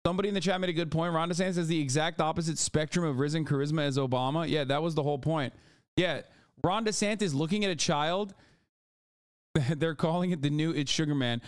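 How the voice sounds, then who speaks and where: A man's voice: a little high, quick pace, smooth, no echo, studio quality. Exasperated, mocking male streamer. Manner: exasperated, mocking, profane rants. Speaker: streamer reacting to clips. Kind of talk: casual live-stream commentary.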